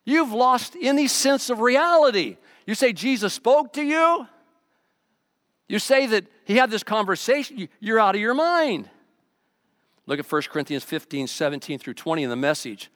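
A man with a high-pitched voice delivers a sermon as pastor, pressing hard on key lines and then dropping to quiet asides. The sound is dry and close, with no room around it. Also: no echo. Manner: emphatic preaching, swinging between loud urgent lines and quiet asides.

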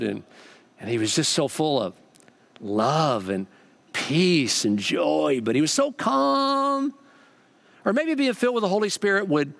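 A man preaching a sermon with a lively, repeating cadence and an easygoing storytelling manner. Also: medium pitch. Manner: animated, repetitive preaching cadence. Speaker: pastor.

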